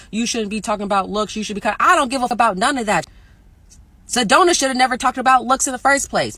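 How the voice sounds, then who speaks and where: Woman, blunt profane ranting commentator, bright forceful tone. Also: dry recording. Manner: blunt, profane, mocks others in high sing-song voices. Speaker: reaction video creator.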